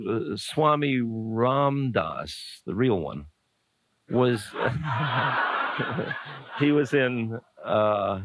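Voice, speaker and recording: A man in the role of a spiritual teacher thinks aloud in a loose, conversational way, turning ideas over with blunt humor. His voice sits at an ordinary middle pitch. The sound is dry and close, with no room echo. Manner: musing, conversational, playfully blunt. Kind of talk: informal spiritual talk answering a question.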